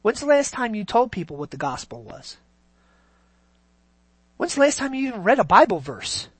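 A preacher in full sermon mode who leans hard on key words, stretching them out loud, then drops to almost a hush. The sound is close and dry, with no room echo. The pitch sits in a middle range. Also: big pitch swings, breathy edge. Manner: dramatic swings from loud emphasis to near-whispers; slow, drawn-out stresses on key words.

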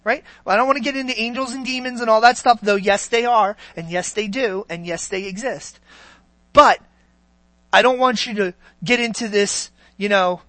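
A man's voice: sits high, steady tone, normal speed, sharp tone, no echo. A man preaching a sermon as pastor, talking conversationally to his congregation and often checking in with "Amen?" and "okay?".

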